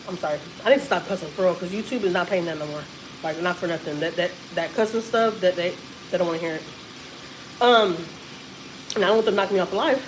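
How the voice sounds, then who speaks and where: A woman's voice: mid-range voice, quick pace, slight background noise, rough recording. A woman, a mother venting on a casual livestream and cussing often. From Houston, Texas. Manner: animated, frequent cussing and laughing. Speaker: vlogger and mother.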